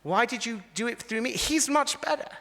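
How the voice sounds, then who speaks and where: A man voicing a distressed ancient prophet who protests and pleads with God, his voice climbing high. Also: lively intonation, moderate pace, creaky, fairly bright tone, heavily acted. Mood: pleading. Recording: echoey hall.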